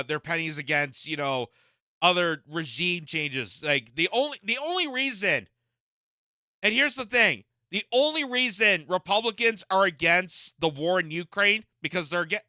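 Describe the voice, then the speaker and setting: A man's voice: sits high, animated, a little slow, bright, forceful tone, no room sound. A man hosting a political reaction commentary, mocking and incredulous, often laughing at what he reacts to.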